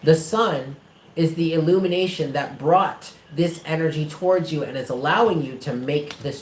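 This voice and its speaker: A man's voice: mid-range voice, a little hiss or hum. Man, live tarot reading, emphatic and blunt, profane, roomy echo. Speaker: tarot reader.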